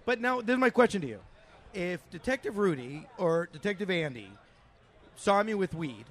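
A man's voice: high voice, sing-song, moderate pace, a bit bright. A man co-hosting a live radio show at a casino event, arguing playfully with his co-hosts. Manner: argumentative, playful.

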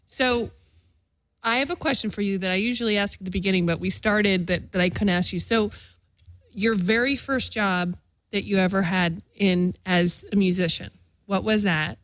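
A woman hosting a casual interview, chatty and relaxed, often saying "you know" and "like". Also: medium pitch, moderate pace, dry recording. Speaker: podcast host.

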